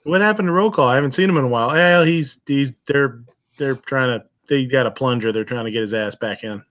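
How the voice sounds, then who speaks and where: A man's voice: mid-range voice, a little fast, a bit bright. A man hosting a casual live viewer show, joking and laughing along with his co-host. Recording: dull lo-fi voice. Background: daughter on couch nearby.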